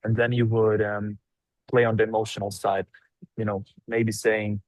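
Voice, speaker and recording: Hesitant man with a flat low voice. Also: moderate pace, no echo, rough recording. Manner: hesitant, checking his understanding. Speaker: coaching participant.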